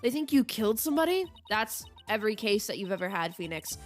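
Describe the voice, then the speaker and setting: A woman voicing an exasperated young male lawyer, speaking dryly and wearily in a lowered voice. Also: quick pace, faint music behind, close to an everyday voice. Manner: dry, weary, deadpan.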